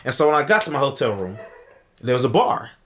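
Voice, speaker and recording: A man telling a story in an animated commentary video, swearing casually, acting out what people said and laughing often. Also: medium pitch, quick pace. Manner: lively, swears casually, acts out quotes.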